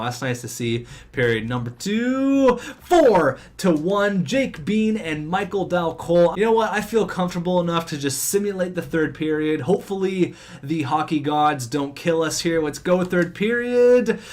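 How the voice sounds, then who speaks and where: Speaking quickly in a voice on the high side, a young man narrates his own video game hockey season like a gaming commentator. His excitable play-by-play flips back and forth between cheers and groans.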